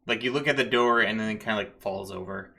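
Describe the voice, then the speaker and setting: A man's voice: on the low side, fast, gravelly, sharp tone. A man narrating as game master of a tabletop game, with loose narration full of fillers.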